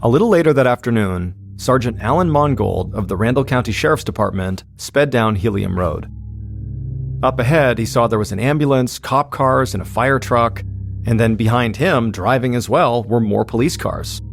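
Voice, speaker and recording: A man narrating a true-crime story in a steady, suspenseful scripted style as podcast host. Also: medium pitch, moderate pace, gravelly, faint music behind.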